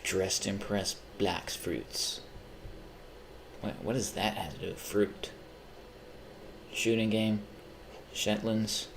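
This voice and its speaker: A man's voice: lowish voice, steady tone, slow pace, vocal fry, pauses often, slight background noise. A young man chatting casually on a live stream while he plays games, rambling, swearing freely and poking fun at himself. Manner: rambling, profane, self-mocking.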